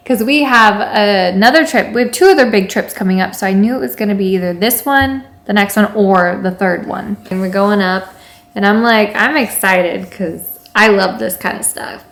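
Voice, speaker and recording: A young woman telling a story casually, with lively acted-out quotes. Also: mid-range voice. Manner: animated, acts out quoted lines. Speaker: vlogger telling engagement story. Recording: echoey room.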